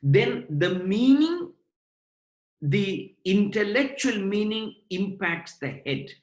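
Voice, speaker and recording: A man giving a devotional lecture on scripture to his students, explaining point by point in a measured way. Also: high voice, sing-song. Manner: measured, explanatory, addresses listeners as brothers and sisters. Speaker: spiritual lecturer. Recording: roomy echo.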